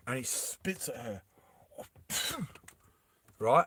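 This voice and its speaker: A man casually retelling a film, animated and making sound effects. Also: mid-range voice, unhurried, long pauses, no room sound. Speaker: storyteller.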